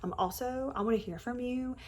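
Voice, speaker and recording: A woman's voice: mid-range voice, unhurried, fairly bright tone. A woman, talking earnestly and conversationally to her viewers about faith after pregnancy loss, with many fillers and restarts. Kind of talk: heartfelt direct-to-camera talk.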